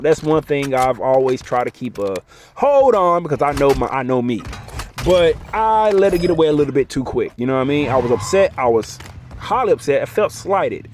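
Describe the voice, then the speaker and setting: A man's voice: fairly high pitch, sing-song, brisk. A man telling a personal story in a casual, chatty monologue, often checking in with the listener. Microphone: phone mic. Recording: clearly noisy background.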